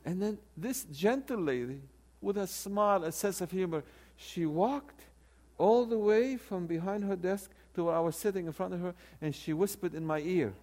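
An older man in his sixties preaches a story, his voice sitting a bit high for a man. He talks in an animated way, often stumbling and restarting his words as he goes. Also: normal speed, hardly any pauses. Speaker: preacher and theology professor. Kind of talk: storytelling sermon.

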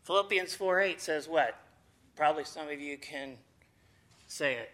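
A man's voice: a little high, lively intonation, measured pace, long pauses, sharp tone. A man giving an informal Bible lesson, folksy and chatty, with playful asides to his listeners. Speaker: Bible teacher. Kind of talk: informal sermon to a group.

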